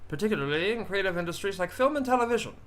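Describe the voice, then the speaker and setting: A man's voice: sits high, lively intonation, very fast, fairly bright tone, voice pushed up. A man putting on a 1930s transatlantic announcer voice with a put-on old transatlantic accent, declaiming grandly. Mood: grandiose.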